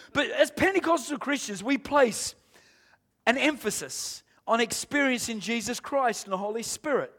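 A man preaching a sermon to a congregation, emphatic and rising to shouts, calling for amens and asking the room questions. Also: very high voice, creaky. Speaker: pastor.

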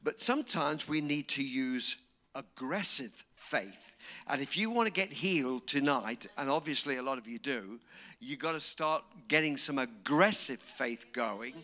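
A man preaching a sermon, dramatic and storytelling, acting out quotes and rising to shouts. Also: medium pitch, expressive, a little slow.

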